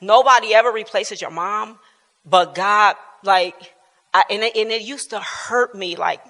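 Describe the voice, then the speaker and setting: A woman's voice: medium pitch, a little slow, bright, forceful tone. A woman giving a casual personal testimony at a church bible class, colloquial and laughing often. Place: church hall. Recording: reverberant church hall.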